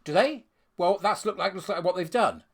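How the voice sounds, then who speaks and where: A man's voice: high voice, lively intonation, normal speed. A man giving scornful, sarcastic ranting commentary while reading out a letter.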